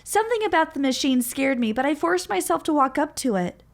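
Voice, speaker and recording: A man reading game narration aloud as a young woman, in a steady storybook manner. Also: extremely high pitch, a little fast, creaky, exaggerated voice.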